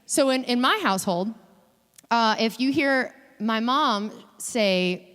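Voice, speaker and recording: A woman giving a guest sermon in a chatty, animated way, acting out quoted voices as she talks. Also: on the high side, slow pace, clear, resonant tone. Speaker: guest preacher. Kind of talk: conversational sermon. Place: church sanctuary. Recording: long hall reverb in a church.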